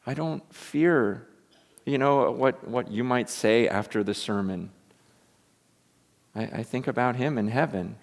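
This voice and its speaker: A male pastor delivers a sermon with animated energy, acting out quoted lines and swelling to loud, excited peaks. His voice sits in a middle pitch. Long reverb from a large church hall trails each phrase. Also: unhurried, creaky, long pauses.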